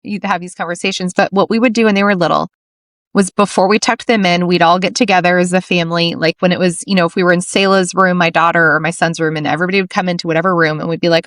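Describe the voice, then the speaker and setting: A woman's voice: lowish voice, steady tone, fast, a bit bright, no room sound, clean studio sound. A middle-aged woman hosting a podcast interview, talking earnestly and telling stories with quoted dialogue. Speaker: podcast host. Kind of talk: casual interview chat.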